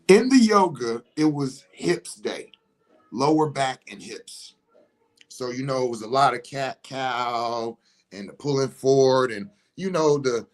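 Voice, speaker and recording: A man holding forth in an impassioned monologue, swearing freely and leaning hard on his words. He shifts between calm explaining and loud, heated shouting. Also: medium pitch. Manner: profane, emphatic, rising to shouts. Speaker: monologue speaker.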